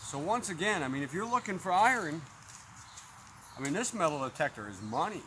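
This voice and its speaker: A man's voice: fairly high pitch, big pitch swings, brisk, sharp tone, poor audio. A man reviewing a metal detector outdoors, casually calling out each tone as he tests coins and metals. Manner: plainspoken, calls out tones as he tests. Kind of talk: casual product demonstration. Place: outdoors in a yard. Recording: outdoor noise behind the voice.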